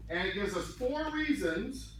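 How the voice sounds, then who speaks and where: A man's voice: sits high, big pitch swings, unhurried, a bit bright, distant mic, slight background noise. A man teaching a class in a classroom, talking conversationally with joking asides and explaining things word by word. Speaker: class instructor. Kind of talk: classroom lecture. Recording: echoey room miked from afar.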